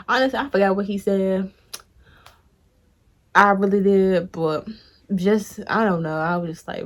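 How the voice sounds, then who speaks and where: A young woman tells a story to her viewers in a loose, animated, chatty way. She jumps up high when she gets excited and swears without a second thought. It sounds like talking to friends on camera. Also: measured pace, pauses often. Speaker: vlogger. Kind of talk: casual storytime.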